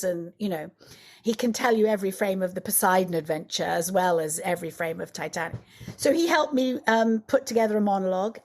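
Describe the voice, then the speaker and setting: A middle-aged woman swapping stories as a podcast guest, her pitch sitting in an ordinary middle range. She tells her anecdotes with energy and slips into the voices of the people she quotes. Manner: animated storyteller, acts out quotes. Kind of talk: casual interview chat.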